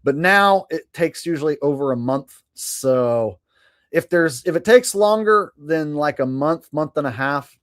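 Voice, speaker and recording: A man hosts a live stream in a loose, sarcastic chat, swearing freely. His voice sits fairly high for a man. The recording is dry and close. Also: expressive, a little slow, a bit bright, no echo. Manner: sarcastic, swears freely, laughs at own jokes.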